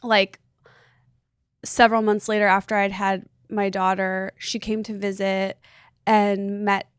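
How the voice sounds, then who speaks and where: A woman's voice: medium pitch, little pitch movement, a little slow, clean tone, no room sound, studio quality. A woman in her thirties, a podcast guest, telling a personal story in a rambling, earnest way full of "like". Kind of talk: casual chat, personal storytelling.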